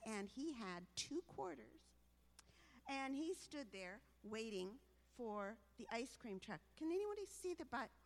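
A woman reading a story to children in an animated way, stopping to ask them questions. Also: sits high.

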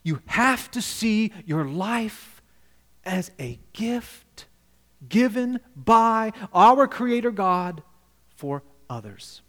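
A male pastor delivers a sermon in a notably high voice, emphatic and direct with his congregation. The sound carries the long echo of a large hall. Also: big pitch swings, drawn-out words. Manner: emphatic, questions the congregation, swings between loud and quiet.

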